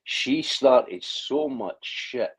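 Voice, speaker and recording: A man's voice: medium pitch, animated, drawn-out words, crowd noise, rough recording. A man in a casual online chat, talking in long rambling stretches with frequent restarts and blunt swearing. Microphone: video call.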